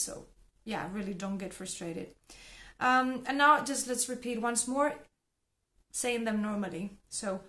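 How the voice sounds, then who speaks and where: Slow, careful woman teaching pronunciation. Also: a little high, a bit bright. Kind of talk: pronunciation lesson with repeat-after-me drills.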